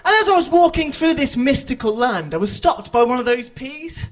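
Lively young stand-up with a fluttery voice. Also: male voice, extremely high pitch, moderate pace. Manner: animated storytelling with sudden loud bursts. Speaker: stand-up comedian. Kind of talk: stand-up routine. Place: comedy club stage.

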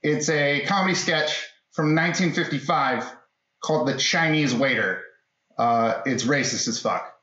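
A man's voice: a little high, measured pace, sharp tone, highs cut off. Host intro note: a man on a camera mic, casual and apologetic, with an echoey room sound. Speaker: podcast host. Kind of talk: introducing a clip.

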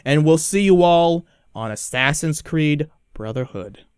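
A man hosting a let's play, giving animated, giggly casual game commentary on a close mic. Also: a little high, a little slow, clear, resonant tone, dry recording.

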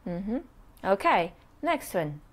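A woman teaching English pronunciation in a live online workshop, modeling words slowly and checking in with "yes?" after nearly every point. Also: medium pitch, sing-song, breathy edge.

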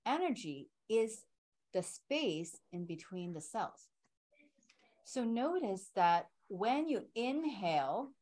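Slow-paced woman teaching qigong. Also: mid-range voice, a little mellow, poor audio. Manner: explains slowly, often checks in with "right?" and "okay". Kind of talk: teaching an online class.

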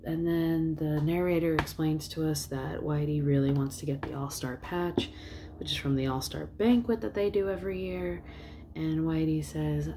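A woman's voice: sits low, fairly even intonation, moderate pace, background noise. A woman casually retelling a movie plot in a rambling way, with many fillers. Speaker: vlogger.

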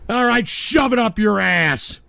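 A man hosting a live radio show, exasperated and shouting at trolls in the chat. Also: sits high, lively intonation, a little slow, creaky, crowd noise. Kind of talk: ranting livestream talk.

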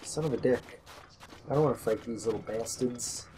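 A man's voice: medium pitch, normal speed, warm tone, a little hiss or hum. A man commentating his own gameplay in casual let's-play style, grumbling and swearing at enemies. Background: game music.

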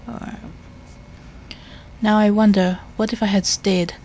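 A woman's voice: medium pitch, animated, a little slow, creaky, pauses often, slightly rough. A woman giving casual, chatty commentary over a story game she plays. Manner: chatty asides. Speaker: let's play host.

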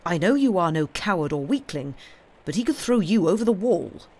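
A woman reading the lines of a stern, pious male curate in a quiet, grave manner, from a storybook. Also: lowish voice, sing-song, normal speed.

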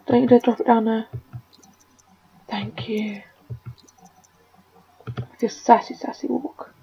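A woman's voice: on the high side, level tone, brisk, gravelly, warm tone, husky, lo-fi sound. A woman giving casual commentary while she plays a life-simulation game, scolding and coaxing her characters like a fussing parent. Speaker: gaming video creator.

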